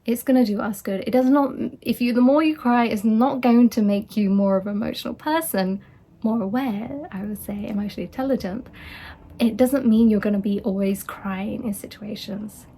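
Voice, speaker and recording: A woman's voice: a little high, normal speed, dark tone, a little hiss or hum. A woman life coach giving a casual, earnest motivational talk, reassuring and acting out quoted voices.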